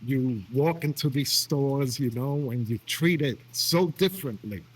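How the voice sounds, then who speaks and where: Husky-voiced man, emphatic and plain-spoken, guest in a casual chat. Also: mid-range voice, a little slow. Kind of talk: casual conversation.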